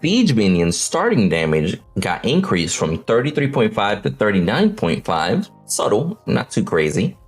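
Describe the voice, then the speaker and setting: A man hosting a casual livestream panel on game patch notes, energetic, swearing and often tagging lines with "right?". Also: fairly low pitch, a little slow, hardly any pauses, faint music behind. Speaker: host of a game update panel.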